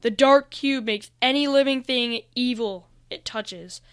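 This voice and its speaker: A woman voicing a noble male white dragon who speaks in a loud, booming way. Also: measured pace, clear, resonant tone, no room sound, clean studio sound. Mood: commanding.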